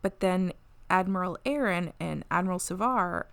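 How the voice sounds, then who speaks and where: Woman podcast host, casual recap, slightly low voice, laughs a lot. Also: normal speed, vocal fry, a bit bright, clear, resonant tone. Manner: chatty, laughs often, many fillers.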